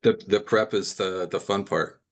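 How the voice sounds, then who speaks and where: A man's voice: low-pitched, normal speed. A Canadian man with a nasal voice, chatting easily as a guest on a video call. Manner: relaxed, laughs often, nasal. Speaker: musician guest. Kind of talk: casual video interview chat.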